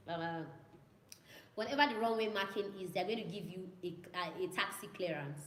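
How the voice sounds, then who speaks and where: A young woman, a student pilot, speaks fairly quickly in a mid-range voice during a casual viewer Q&A, repeating herself and imitating radio calls. Slight background noise is present, and the room is echoey with faint ambience.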